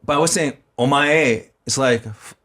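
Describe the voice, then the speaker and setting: A Japanese man with a Japanese accent co-hosts a podcast, casually telling comic stories and laughing as he goes. His voice is medium in pitch and a little bright, and he speaks at a normal speed.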